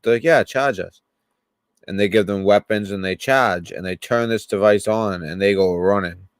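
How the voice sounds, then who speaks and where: A man's voice: on the low side, fairly even intonation, moderate pace, clear, resonant tone, dry recording, clean studio sound. A man with a Boston accent hosting a casual call-in chat, rambling and restarting his sentences. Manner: rambling, hesitant, many restarts. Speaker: podcast host.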